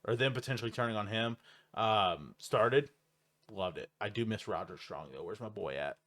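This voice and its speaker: A man's voice: lowish voice, lively intonation, a bit bright. A man co-hosting a podcast, talking about wrestling in a blunt, casual way with frequent swearing. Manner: blunt, swears often, quick laughs. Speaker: podcast co-host.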